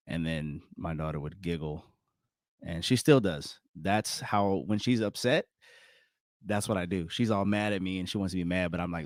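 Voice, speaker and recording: A man's voice: low voice, lively intonation, normal speed, a little mellow, no echo, studio quality. A middle-aged man talking casually to his viewers on his own, rambling and correcting himself, chuckling often. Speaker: vlogger. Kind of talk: casual solo self-reflection talk.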